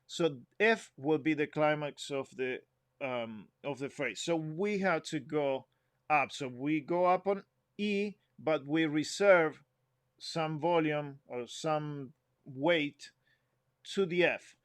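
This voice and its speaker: A man's voice: on the high side, clean tone, no echo. Man teaching music phrasing. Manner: explains slowly, sings phrases and counts in. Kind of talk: instrument lesson.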